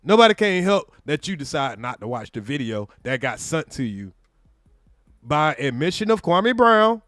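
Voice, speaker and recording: A high-pitched man reacts on a livestream, mocking and sarcastic, often mimicking over-the-top apologies. The sound is close and dry, with no room around it. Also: very animated, moderate pace, fairly bright tone, dry recording. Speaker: streamer reacting to a clip.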